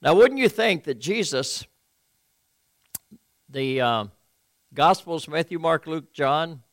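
A male pastor delivering a sermon, reading scripture aloud and explaining it in an earnest, measured way with occasional hesitant fillers. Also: a little high, expressive, no room sound.

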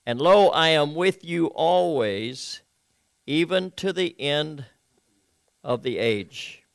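A male pastor delivering a sermon, reading scripture aloud and explaining it in an earnest, measured way with occasional hesitant fillers. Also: fairly high pitch, lively intonation, creaky, smooth, no echo.

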